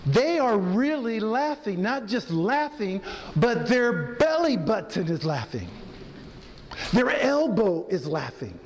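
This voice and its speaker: High-voiced man coaching slowly in a hall. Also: sing-song, a little hiss or hum. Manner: coaching an audience through breathing, demonstrates laughter. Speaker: chaplain leading a laughter yoga workshop. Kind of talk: interactive workshop talk. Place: hotel event room. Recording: long hall reverb, faint ambience.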